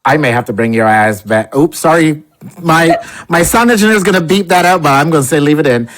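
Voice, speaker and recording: A man's voice: a little high, expressive, a little fast. A man hosting a podcast, talking casually in a flamboyant, sassy way with some playful cussing. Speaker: podcast host.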